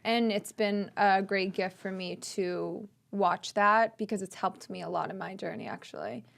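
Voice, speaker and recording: A woman's voice: mid-range voice, steady tone, normal speed, creaky. A young woman co-hosting a candid faith podcast, supportive and teasing in a playful way. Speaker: podcast co-host.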